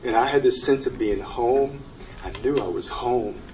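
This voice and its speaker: A man's voice: mid-range voice, normal speed, a little mellow. A middle-aged man giving an earnest personal testimony to a conference audience, his storytelling growing emotional when he is moved. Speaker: panel speaker sharing his near-death experience. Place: conference room before an audience. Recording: distant, dull mic with faint hiss.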